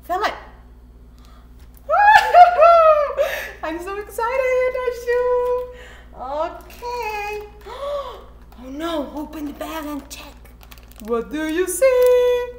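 A woman whose first language is Spanish gives a playful cooking lesson to children, talking in an animated, sing-song way with many excited gasps. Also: very high-pitched, extremely slow, reverberant, noisy background. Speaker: teacher for children.

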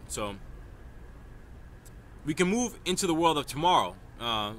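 A man's voice: medium pitch, pushed and bright, slight background noise. A man from New York delivering a rambling, emphatic stream-of-consciousness vlog monologue, often tagging his points with "right?". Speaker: vlogger.

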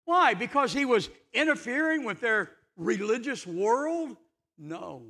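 Fervent high-voiced preacher man. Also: big pitch swings, unhurried, pushed and bright. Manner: fervent, emphatic preaching with rhetorical questions. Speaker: pastor. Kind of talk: sermon. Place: church.

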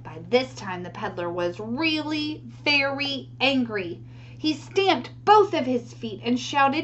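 A woman reading a picture book aloud to children, animated and asking her listeners questions. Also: high-pitched, slow, highs cut off, slight background noise. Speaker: storyteller for children.

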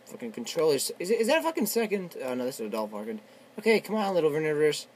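A young man giving casual, excitable commentary while playing a video game, shouting and swearing, his voice worn from yelling. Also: fairly high pitch, rapid-fire, a little hiss or hum. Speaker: gamer. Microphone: tablet on a desk.

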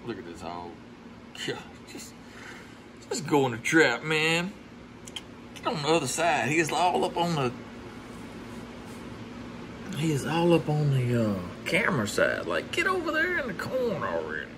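A man's voice: a little high, big pitch swings, moderate pace, long pauses, noisy background. A man narrating a casual outdoor vlog as a hog trapper, chatting in a folksy way with asides to his viewers. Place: outdoors near a house.

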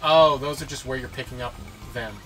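A man's voice: medium pitch, fairly even intonation, fairly quick, a bit bright, husky, recorded from a distance, soft background music. A man co-hosting a let's-play video, making dry, offhand remarks as the game goes on. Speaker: gaming co-host. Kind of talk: casual let's-play banter.

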